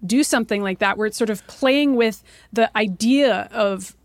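A woman's voice: fairly high pitch, moderate pace, no room sound. A woman co-hosting a podcast, talking enthusiastically in casual chat. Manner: enthusiastic, animated retelling. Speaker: podcast co-host.

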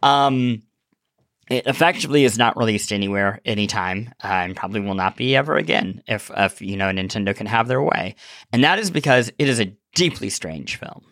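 A man with a sore throat hosting a casual podcast chat, animated and laughing, often restarting his sentences. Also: on the low side, brisk, no echo, clean studio sound. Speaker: podcast host.

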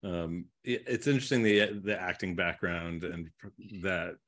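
Soft-spoken low-voiced male podcast host. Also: normal speed. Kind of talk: interview and outro.

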